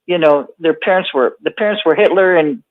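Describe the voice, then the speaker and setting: A woman's voice: sits low, brisk. A woman hosting an interview, sympathetic and affirming, calling her guest honey. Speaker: host. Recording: tinny phone-line sound.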